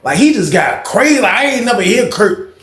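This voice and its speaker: A man's voice: sits high, a little fast. A young man telling a story from his life in a casual, slangy way, acting out the dialogue as he goes. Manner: slangy, animated retelling with quoted dialogue. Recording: roomy echo.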